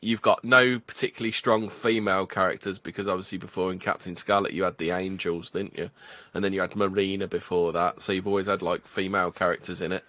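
A man co-hosting a casual podcast, chatty and quick to joke and laugh. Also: low-pitched, little pitch movement, a bit bright, no echo. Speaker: podcast co-host. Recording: dull dry lo-fi mic.

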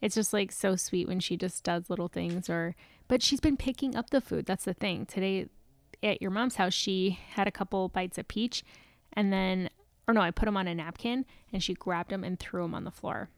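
A woman in her thirties co-hosting a podcast, chatting in an animated way. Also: medium pitch, moderate pace, no echo. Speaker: podcast co-host. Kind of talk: casual chat.

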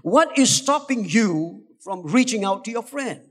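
High-voiced pastor preaching urgently in a hall. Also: male voice, expressive, a little slow. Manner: urgent, exhorting, rising to shouts, coaxing the congregation. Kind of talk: sermon. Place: church hall. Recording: long hall reverb.

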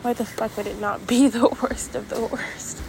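A young woman vlogging at home, high and upset, rambling through a sweary confessional rant and laughing nervously between phrases. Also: fairly even intonation, moderate pace, gravelly, noisy background. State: upset, near tears. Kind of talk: casual confessional vlog rant. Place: home, indoors.

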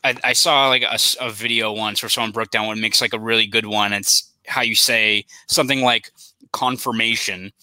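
Young boston dude rambling on a podcast, lots of "like", really bright sharp tone, dry close sound. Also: male voice, fairly low pitch, steady tone, a little fast, few pauses, no room sound, rough recording. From South Boston, USA. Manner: rambling, many "like" fillers. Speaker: sports reporter, guest. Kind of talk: casual podcast chat.

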